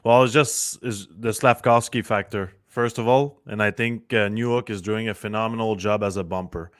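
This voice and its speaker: Friendly former hockey player guest, dry sound. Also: male voice, on the low side, steady tone, dry recording. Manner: friendly, halting with restarts. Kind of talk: casual sports analysis.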